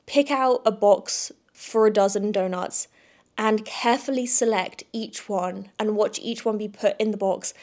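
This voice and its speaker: A woman's voice: a little high, darkish tone. A young woman, hosting a casual solo podcast in a chatty, effusive way, repeating words for emphasis. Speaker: podcast host.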